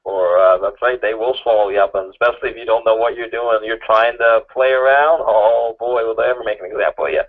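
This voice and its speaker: A man's voice: lowish voice, steady tone, fast talker, hardly any pauses, phone-quality sound. A man on a talk radio show, chiming in and agreeing with the host. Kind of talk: casual talk radio chat.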